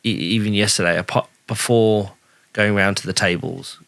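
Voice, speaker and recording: Man, podcast host, low voice, joking, self-deprecating, dry recording. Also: steady tone, moderate pace, gravelly, fairly bright tone, no echo. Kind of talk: casual podcast chat.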